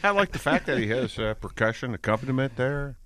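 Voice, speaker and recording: A man's voice: mid-range voice, animated, a little fast, a bit bright. A man co-hosting a radio talk show, teasing and cracking jokes. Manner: wisecracking, teasing. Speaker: radio co-host. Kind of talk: casual talk radio banter.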